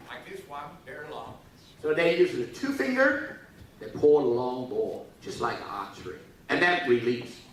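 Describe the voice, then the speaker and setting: A man's voice: on the high side, slight background noise. A man giving a humorous lecture to students, acting out little dialogues and coaxing the audience to laugh and repeat after him. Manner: animated, acts out dialogues in funny voices. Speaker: forum speaker. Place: university lecture hall. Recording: echoey hall, voice from far off.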